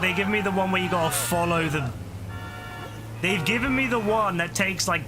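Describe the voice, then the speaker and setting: A tired man streaming a game, talking to himself and the game in a frustrated, exclaiming way, his voice starting to break. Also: fairly high pitch. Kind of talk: live gameplay commentary. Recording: clear game noise behind the voice.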